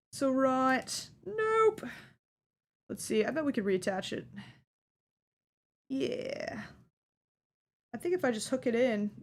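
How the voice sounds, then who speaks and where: A woman streams herself opening a fan's care package, chatting casually and gushing with delight over each item while she has the hiccups. Her voice is high-pitched and bubbly, easily delighted, with slight background noise.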